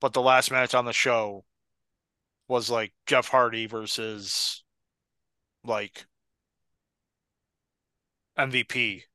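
A man's voice: mid-range voice, steady tone, takes it slowly, long pauses, pushed and bright, smooth, no echo, studio quality. A man co-hosting a casual podcast watchalong, argumentative and joking as he talks over a match. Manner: argumentative, joking, breaks into laughter. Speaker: podcast co-host.

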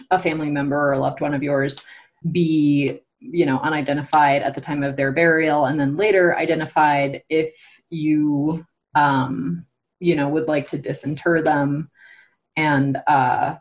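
Low-voiced woman musing in casual talk. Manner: thoughtful, hesitant, many fillers. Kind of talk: casual conversational discussion.

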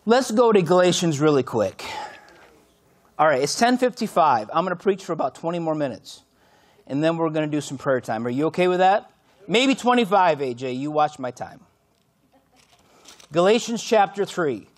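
A man preaching a sermon as pastor, swinging from shouted exclamations to hushed, intimate lines. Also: a little high, animated, normal speed, pauses often.

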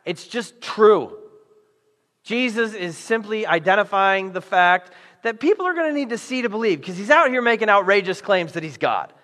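A man's voice: sits high, a little fast, hardly any pauses. A male pastor delivering a conversational sermon to a church audience, acting out the story as he tells it. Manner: conversational, animated, acts out the story. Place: church auditorium. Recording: echoey hall.

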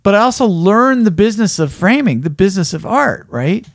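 A man co-hosting a podcast, telling a story in an animated, casual way with lots of fillers and "right?". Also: high voice, brisk, creaky, no room sound, studio quality. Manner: animated, keeps asking "right?", frequent fillers. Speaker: podcast co-host.

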